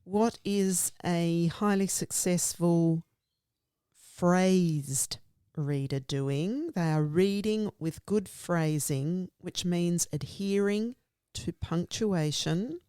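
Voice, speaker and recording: Woman teacher-trainer talking slow and earnest, warm low-ish voice, dry close sound. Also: smooth, no room sound. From Australia. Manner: earnest, emphatic, explains in lists. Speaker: literacy consultant, guest. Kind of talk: conversational explanation.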